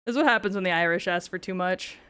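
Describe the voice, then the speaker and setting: A woman's voice: lowish voice, fast talker, a bit bright, clean tone. A woman streaming gameplay, chatting casually with frequent swearing and joking asides.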